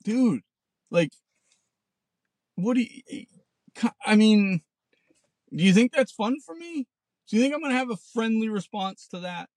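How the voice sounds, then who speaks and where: In his forties, a male podcast host rants bluntly and sarcastically in a casual monologue, swearing plenty. His voice is high, expressive and darkish in tone at a moderate pace, recorded in a parked car with no room sound.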